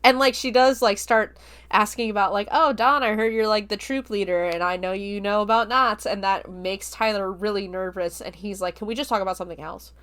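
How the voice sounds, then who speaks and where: A woman hosting a film review podcast, retelling the plot in a chatty, casual way full of fillers and quick laughs. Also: mid-range voice, fairly even intonation, a bit bright, smooth.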